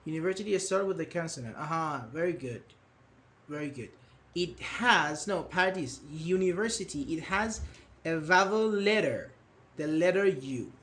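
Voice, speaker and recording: A man's voice: on the high side, animated, moderate pace, a bit bright. Patient male grammar teacher. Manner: patient, explains with examples and praises students. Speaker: English teacher. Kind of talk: online grammar class.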